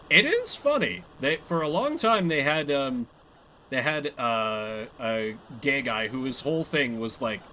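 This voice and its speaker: A man's voice: mid-range voice, expressive, slow, bright, forceful tone, slight background noise, low-quality recording. A young man chatting casually and laughing at himself while he plays a game live. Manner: chatty, self-mocking, laughs often. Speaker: streamer. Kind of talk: live gameplay commentary.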